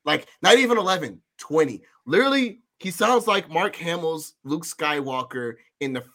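Male podcast co-host, high bright voice, animated ranting delivery. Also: normal speed. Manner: animated, swearing, ranting with sudden high outbursts. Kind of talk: casual movie review chat.

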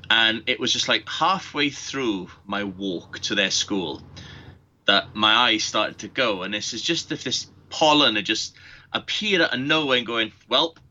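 A man in casual chat, cursing freely and slipping into mocking voices as he tells stories. His tone is strikingly bright and cutting. The recording is dull and lo-fi. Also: lowish voice, slight background noise. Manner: sweary, sarcastic, acts out mocking quotes.

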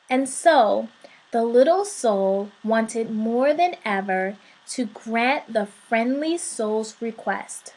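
A woman reading a storybook aloud in a soft, measured way. Her voice is high and her pace slow and deliberate. The telling stays gentle and expressive. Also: low-quality recording.

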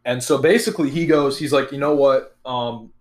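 A man's voice: mid-range voice, normal speed, roomy sound. A young man telling a story in laid-back casual chat, swearing often.

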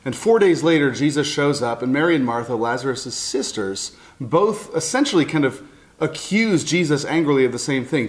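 A man's voice: mid-range voice, expressive, normal speed. A middle-aged man giving an earnest, heartfelt sermon, often restarting his phrases as he speaks. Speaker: pastor and counselor.

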